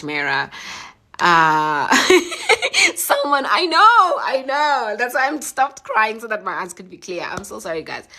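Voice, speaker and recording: A woman's voice: lowish voice, bright, forceful tone. A young woman, teary after crying, talking earnestly and emotionally on a phone live stream and answering comments. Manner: emotional, heartfelt, halting with fillers.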